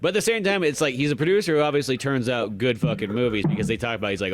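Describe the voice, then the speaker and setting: A man in a relaxed podcast chat gets animated over a film. He swears freely and jumps into quoting its scenes. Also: medium pitch, rapid-fire, hardly any pauses, a little hiss or hum. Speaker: podcast co-host. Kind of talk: casual film review chat.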